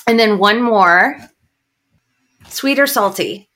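A woman hosting a podcast interview, effusive and full of praise as she asks quick questions. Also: medium pitch, fairly bright tone. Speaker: podcast host. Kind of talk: casual interview chat.

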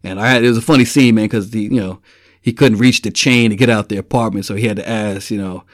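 A man's voice: lowish voice, fairly even intonation, quick pace, dry recording, clean studio sound. A man giving a casual, profanity-laced movie review, rambling and filling his talk with "man" and "you know.". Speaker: film reviewer.

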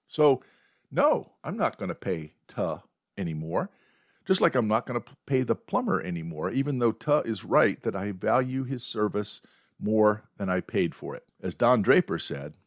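A man hosting a podcast, telling a wry, deadpan story in a monologue. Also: fairly low pitch, moderate pace, dry recording, clean studio sound. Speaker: podcast host.

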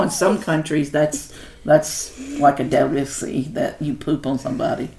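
A woman's voice: sits low, fairly even intonation, moderate pace, warm tone, a little hiss or hum. A middle-aged woman hosting a casual podcast chat at home with her son, teasing and laughing. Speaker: podcast host.

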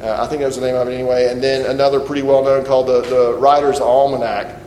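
A man's voice: medium pitch, level tone, fast, darkish tone. Man preaching in an echoing hall. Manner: conversational preaching, ending in prayer. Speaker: pastor. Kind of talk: sermon. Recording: roomy hall reverb, faint noise.

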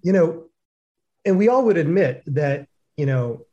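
Man, webinar talk, casual, chatty, lots of fillers, fairly high voice. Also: expressive, measured pace, dark tone, dull audio. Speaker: co-host.

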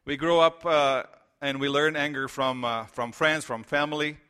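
A middle-aged Romanian pastor with a Romanian accent preaches a conversational sermon in church, telling stories and using many fillers. His voice is a little high, pushed and bright, with a steady tone at normal speed.

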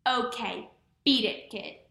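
A woman doing a gruff soft-hearted huntsman. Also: a little high, slow pace, exaggerated voice. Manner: gruff, muttering. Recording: roomy echo.

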